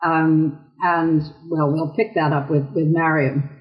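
A woman's voice: deep voice, level tone, slow pace, lo-fi sound. Chatty older woman novelist. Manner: chatty, with ums and asides. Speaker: novelist, interview guest. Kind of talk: casual interview talk.

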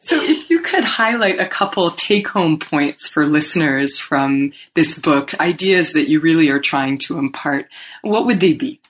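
Low-voiced woman interviewer. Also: expressive, moderate pace. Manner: self-deprecating and laughing easily. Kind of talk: casual interview chat.

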